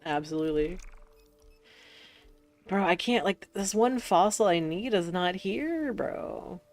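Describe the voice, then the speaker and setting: Low-voiced, playful woman streamer. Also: expressive, slow pace, darkish tone, faint music behind. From United States. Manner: playful, giggly, casually sweary. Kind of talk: casual chat while gaming.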